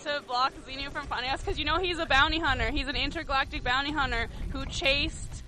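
A woman's voice: high voice, quick pace, pushed and bright. A woman speaking as a radio guest in casual chat, playful and joking, often laughing.

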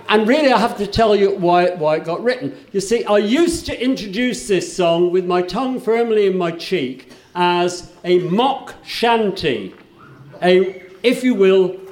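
Older man, wry high-pitched raconteur. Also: expressive, unhurried, echoey room. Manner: chatty, self-interrupting, wry humor. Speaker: folk singer and storyteller. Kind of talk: live on-stage song introduction.

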